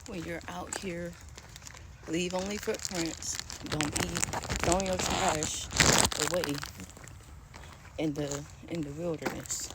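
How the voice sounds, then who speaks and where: Low-voiced woman rambling on a trail. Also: steady tone, slow, long pauses. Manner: rambling, chatty, with lots of fillers and laughs. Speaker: vlogger. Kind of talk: casual vlog chat while hiking. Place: outdoor nature trail near a pond. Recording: outdoor ambience with clear background noise.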